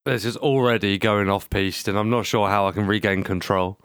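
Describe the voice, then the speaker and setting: A man's voice: on the low side, fairly quick, clear, resonant tone, no echo, clean studio sound. A man co-hosting a podcast, joking around in casual, playful banter. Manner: playful, animated, jokey. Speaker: podcast co-host.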